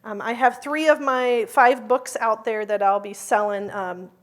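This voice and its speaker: A woman's voice: fairly high pitch, fairly even intonation, measured pace. A woman speaking at a conference about the school she founded. She talks in a chatty, heartfelt way, with many fillers and frequent laughter. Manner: heartfelt, emotional in places. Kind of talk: conference talk.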